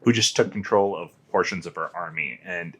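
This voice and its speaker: A man's voice: sits low, brisk, breathy edge. A man co-hosting a podcast in a casual book club discussion, laid-back and joking, swearing now and then. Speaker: podcast co-host.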